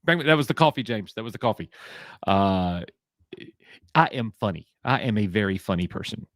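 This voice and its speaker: Joking Alabama live-stream host. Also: male voice, fairly low pitch, animated, fairly quick, fairly bright tone, dry recording, clean studio sound. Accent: Southern US, Alabama. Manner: joking, reads chat names aloud and banters. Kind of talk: casual live-stream chat.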